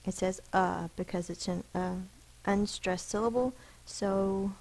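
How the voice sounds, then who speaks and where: A woman's voice: mid-range voice, takes it slowly, creaky, poor audio. A woman teacher giving a recorded spelling lesson, patiently explaining rules and sounding out each letter and syllable.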